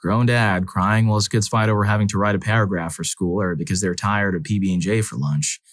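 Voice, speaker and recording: Man, low voice, dry close sound, scripted first-person story narration, measured and earnest. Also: steady tone, no echo.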